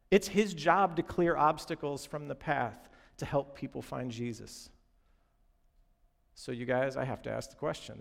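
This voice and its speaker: A man's voice: medium pitch, gravelly, big-room sound. A man preaching a sermon in an earnest, direct way, talking straight to his congregation. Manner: earnest, direct, addresses congregation as "you guys". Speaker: pastor.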